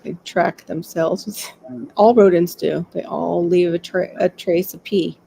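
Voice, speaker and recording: Slow gravelly-voiced woman chatting. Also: fairly low pitch, steady tone, dark tone, a little hiss or hum. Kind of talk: casual chat.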